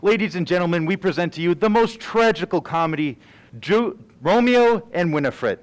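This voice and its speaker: A man's voice: sits high, lively intonation, moderate pace. A young man playing a troupe member who opens a school stage play, reciting in a theatrical way. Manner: theatrical, verse-reciting delivery.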